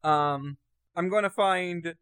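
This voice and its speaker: A man's voice: high-pitched, slow pace, fairly bright tone, clear, resonant tone, no echo, studio quality. A man playing a tabletop game character in an overly polite, formal way, hesitating with frequent ums. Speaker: player. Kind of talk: in-character tabletop role-play.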